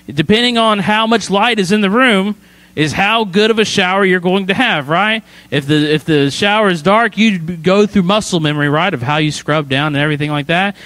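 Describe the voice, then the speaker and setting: A man's voice: high voice, fairly bright tone, dry recording. A man, a student pastor, preaching a sermon in a chatty storytelling way, often checking in with "right?". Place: church sanctuary.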